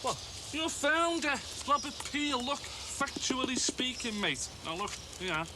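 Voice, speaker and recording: A man's voice: very high-pitched, big pitch swings, unhurried, heavily acted. An actor playing a cheeky, scheming young man in a TV soap, jokey and wheedling. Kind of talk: TV soap acting. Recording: old TV recording with hiss.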